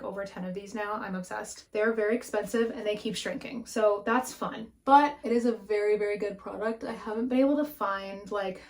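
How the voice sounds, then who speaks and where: A young woman chatting frankly through a makeup tutorial at home, swearing casually and breathing a little heavily into the camera mic. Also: mid-range voice. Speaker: beauty vlogger.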